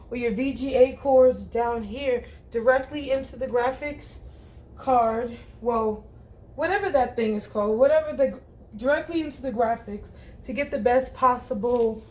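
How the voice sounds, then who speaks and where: A woman's voice: high-pitched, a little mellow, a little hiss or hum. A woman talking casually to viewers while unboxing, chatty and informal, calling them guys and y'all. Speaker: vlogger.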